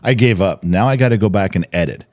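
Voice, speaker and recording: A middle-aged man co-hosting a podcast at home, animated and swearing freely as he tells family stories. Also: sits low, fast. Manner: animated, swears freely, acts out quotes loudly. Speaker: podcast co-host. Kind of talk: casual chat.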